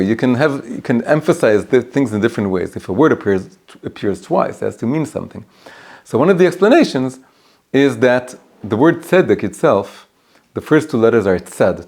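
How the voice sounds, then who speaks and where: Man teaching a lively storytelling class. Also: medium pitch. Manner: animated, with frequent restarts. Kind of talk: storytelling lesson. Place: private home.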